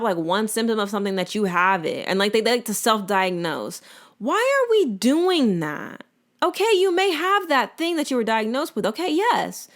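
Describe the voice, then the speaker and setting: Young woman, solo podcast host, casual rant, opinionated, animated, colloquial. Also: medium pitch. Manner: animated, opinionated, colloquial, talks straight to listeners.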